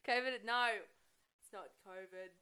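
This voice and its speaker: A woman's voice: medium pitch, unhurried, bright, forceful tone. A young Australian woman with a blocked nose, co-hosting a podcast in giggly, casual chat. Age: young adult. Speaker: podcast co-host.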